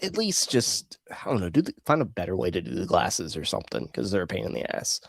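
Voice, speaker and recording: A man with a lively, up-and-down voice and a dry, close sound. He chats casually on a toy livestream, sighing with exasperation and filling pauses with ums. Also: sits low, creaky, dry recording. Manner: casual and exasperated, lots of fillers and sighs. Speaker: toy collecting livestream co-host. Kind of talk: casual chat.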